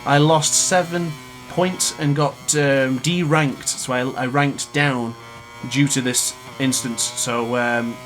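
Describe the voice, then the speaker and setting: A man's voice: mid-range voice, steady tone, slow, fairly bright tone, faint music behind. A man in his late twenties commentating his own racing game live, ranting in frustration between exasperated laughs. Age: 20s. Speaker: gaming YouTuber.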